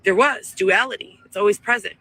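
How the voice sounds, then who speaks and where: Recorded outdoors where she lives in a tent, this played-back clip has a woman rambling emotionally and self-righteously. She speaks fairly quickly in a medium-pitched, fairly bright voice, through poor audio.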